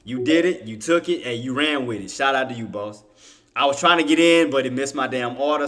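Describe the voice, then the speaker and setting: A man streaming live day-trading commentary, talking casually with slang, laughing and teasing his viewers, then dropping to a low mutter while he places orders. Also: brisk, a bit bright.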